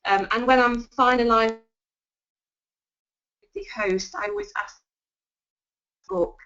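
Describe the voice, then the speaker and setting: A woman's voice: fairly high pitch, expressive, slow pace, fairly bright tone. A woman giving sales tips in a webinar, chatty and full of ums and restarts. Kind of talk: webinar talk. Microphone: video call. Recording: dull lo-fi web call audio.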